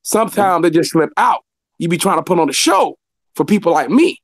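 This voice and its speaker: A man's voice: a little high, expressive, fairly quick, no room sound. A man from California telling workplace stories in casual chat as a podcast co-host, acting out coworkers in a raised voice. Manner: storytelling, acts out coworkers in a raised voice, laughs often.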